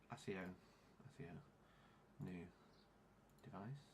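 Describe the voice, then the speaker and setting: A man's voice: medium pitch, normal speed, a bit bright, a little hiss or hum. A man live-streaming, frantic and swearing as he mutters to himself, recorded on an onboard camera microphone. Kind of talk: livestream chat.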